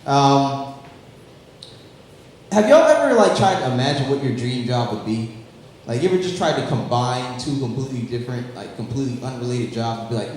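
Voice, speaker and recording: A man's voice: mid-range voice, big pitch swings, fairly quick, a little mellow, a little hiss or hum. A man doing a brash, self-mocking stand-up set on a handheld mic at a comedy bar, riffing with the crowd. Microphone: handheld stage mic. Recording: echoey club, live mic.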